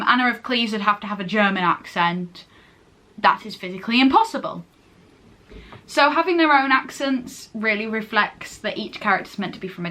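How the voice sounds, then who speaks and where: A woman's voice: a little high, pushed and bright. A teenage girl from England chatting casually and gushing in a rambling way, often interrupting herself. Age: late teens. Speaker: vlogger. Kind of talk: casual chat.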